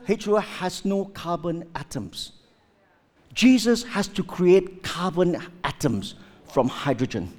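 A man preaching a sermon with lots of rhetorical questions, swinging between loud outbursts and hushed asides. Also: high voice.

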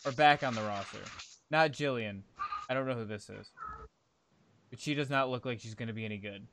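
A man co-hosting a casual wrestling podcast, loud and playful, often laughing. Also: medium pitch, brisk, noisy background. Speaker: podcast co-host. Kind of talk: casual chat.

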